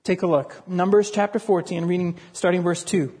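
A man's voice: high-pitched, steady tone, normal speed, mellow, breathy edge. A man preaching a sermon in an earnest way, often repeating words for emphasis. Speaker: pastor.

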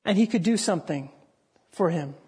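An earnest preacher in the middle of a sermon to a congregation, pressing each point with emphasis. The voice sits at a middling pitch, neither high nor low. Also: animated, normal speed, a little mellow, husky.

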